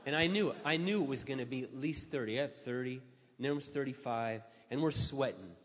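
Brief: lively middle-aged male storyteller, mid pitch, in a dull-sounding echoey hall. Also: brisk. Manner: animated, self-mocking storyteller who acts out the dialogue. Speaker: Christian speaker. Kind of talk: storytelling talk.

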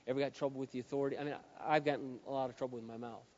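A male pastor delivering a sermon to a live audience in a large hall. He drops to hushed lines, then builds to shouts. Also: medium pitch, steady tone, rapid-fire. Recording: dull, reverberant hall sound.

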